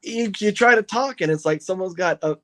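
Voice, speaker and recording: A man who owns and drives a funny car, telling stories in an excited, rambling way with lots of restarts on a podcast. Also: high voice, fairly quick. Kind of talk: podcast interview, casual storytelling.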